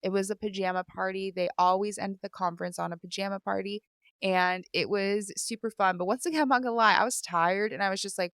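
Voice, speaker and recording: A woman's voice: medium pitch, steady tone, brisk, a bit bright, no echo, studio quality. A young woman hosting her own podcast in candid, casual chat, full of fillers and teary at times. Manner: candid, filler-heavy, chatty. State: teary and sniffling. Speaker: podcast host. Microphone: studio microphone.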